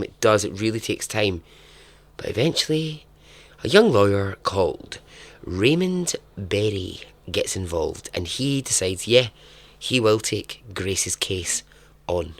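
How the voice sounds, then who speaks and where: A man, hosting a podcast and telling a true story in a casual, chatty way, breaking into animated asides and frequent laughs. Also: lowish voice, unhurried. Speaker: podcast host.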